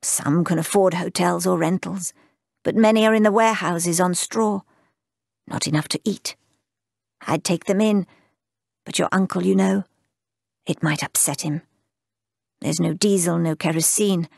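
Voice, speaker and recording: Woman voicing a brisk low-voiced old woman. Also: vocal fry, dry recording, studio quality. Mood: fussing. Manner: brisk, fussing, motherly.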